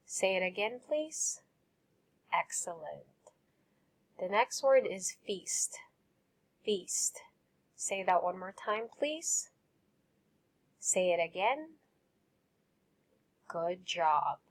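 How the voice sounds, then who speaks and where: A woman teacher giving a vocabulary lesson, enunciating each word carefully and explaining terms simply with gentle praise. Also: medium pitch. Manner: slow, careful enunciation with repeat-after-me drills.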